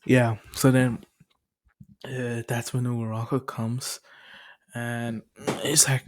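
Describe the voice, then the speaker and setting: A young man loosely retelling a cartoon plot from memory, rambling with lots of fillers and asides. His voice sits at an ordinary middle pitch, and his talk is casual and amused. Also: level tone, slow pace, pauses often. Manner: rambling, laughs at his own story. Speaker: storyteller.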